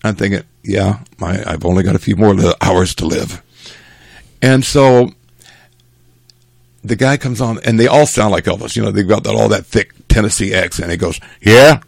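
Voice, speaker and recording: An older man casually telling a rambling family story, animated and chuckling as he goes. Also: fairly low pitch, normal speed, gravelly, slightly rough, dry recording.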